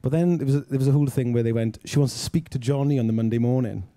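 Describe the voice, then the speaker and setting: A man from Wales tells a story in an interview at a rapid clip, his voice dark and low in tone. He acts out each quoted line of dialogue, and the room sound is dry and close. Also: dry recording. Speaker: film writer-director, guest.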